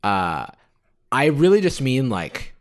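A man's voice: medium pitch, very animated, slow pace. A man co-hosting a podcast, talking casually and hesitantly with many fillers. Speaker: podcast co-host. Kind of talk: casual chat.

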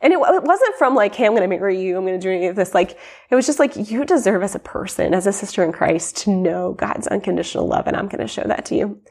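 A woman's voice: mid-range voice, animated, fast, a little mellow, slightly rough. A young adult woman telling her personal story in a podcast interview, rambling with many fillers and restarts and acting out quoted lines. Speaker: guest sharing her testimony.

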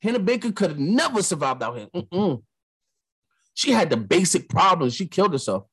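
A young man from New York with a New York accent, hosting a podcast and telling a story in a casual monologue, animated, acting out the lines of the people in it. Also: sits high, moderate pace, husky. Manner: animated storyteller, acts out quotes. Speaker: podcast host.

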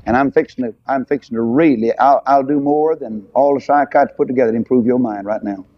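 An older man preaches a revival sermon, folksy and emphatic, pushing up to loud peaks on key phrases. The lo-fi recording sounds dull and muffled. It is dry, with no room sound. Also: medium pitch, quick pace, no echo.

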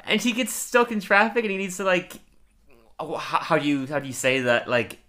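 Man, podcast co-host, casual chat, lively sing-song delivery, bright tone, frequent laughs. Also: fairly high pitch, brisk. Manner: laughs often, acts out quotes.

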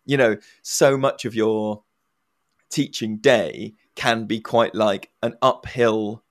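A man speaks in a low voice, relaxed and reflective. He talks things through conversationally. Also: slow pace, no echo, studio quality. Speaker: podcast co-host, teacher. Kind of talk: casual discussion.

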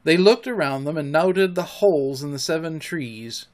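A man narrating a children's classic in an audiobook, with an expressive storybook reading. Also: on the high side, normal speed.

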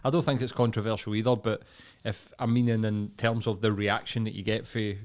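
A man's voice: on the low side, flat delivery, a little fast, a little mellow. A Scottish man in blunt, sweary casual chat, ranting as a podcast co-host.

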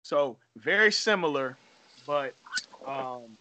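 A man's voice: medium pitch, lively intonation, takes it slowly, pushed and bright. A man hosting a casual group debate about food, rambling and trailing off into fillers as he explains.

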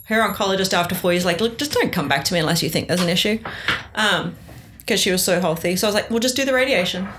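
Middle-aged woman, casual storytelling, animated, acts out quotes, faint background noise. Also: on the low side, fast, few pauses. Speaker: guest sharing her story.

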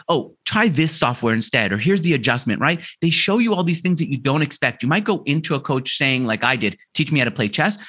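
Man, podcast guest, animated storyteller, acts out quoted lines, mid-pitched voice. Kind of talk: conversational storytelling.

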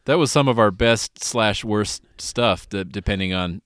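Middle-aged male co-host, relaxed and easygoing, smooth resonant voice, dry close mic. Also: lowish voice, unhurried, no room sound. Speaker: sports podcast co-host. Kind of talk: casual chat.

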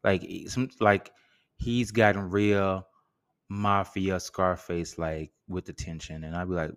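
A man's voice: deep voice, fairly even intonation, slow. A man hosting a solo podcast in a casual, joking, slangy way. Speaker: podcast host.

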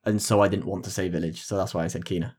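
A man's voice: low voice, fairly even intonation, rapid-fire, a little mellow, husky. Enthusiastic man in casual gaming chat. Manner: enthusiastic, rambling explanations. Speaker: podcast co-host.

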